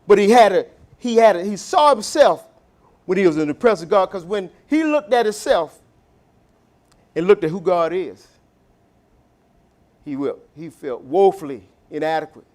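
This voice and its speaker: A pastor preaches in a church, his voice sitting well above the usual male register. He lurches between loud, emphatic lines and hushed, low asides, drawing out the words he wants to land. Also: big pitch swings, normal speed, pauses often. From Southern United States. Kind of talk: sermon. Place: church sanctuary.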